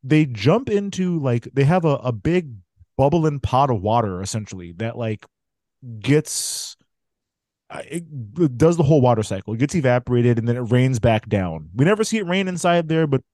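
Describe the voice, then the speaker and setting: A man's voice: medium pitch, normal speed, no room sound, clean studio sound. A man in his thirties co-hosting a podcast, retelling a film in a casual, laughing way. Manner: laughs often, animated retelling. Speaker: podcast co-host. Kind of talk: casual chat recapping a film.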